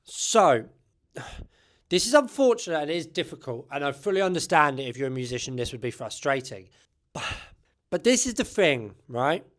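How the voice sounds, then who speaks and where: This music-channel host talks casually to camera in a fairly high, very animated voice at a moderate pace. His commentary is chatty and opinionated, and he keeps ending sentences with "right?"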